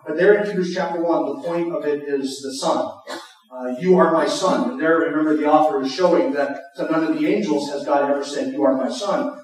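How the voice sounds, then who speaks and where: A man's voice: a little high, a little mellow, distant mic. A man preaching an expository sermon, earnest and emphatic, asking rhetorical questions. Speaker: pastor. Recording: echoey hall, speaker off the mic.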